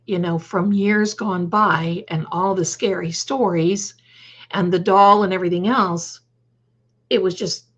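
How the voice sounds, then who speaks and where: A woman's voice: on the low side, slightly rough, lo-fi sound. An older woman hosting a live stream, chatting casually, telling a story and greeting viewers by name. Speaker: livestream host.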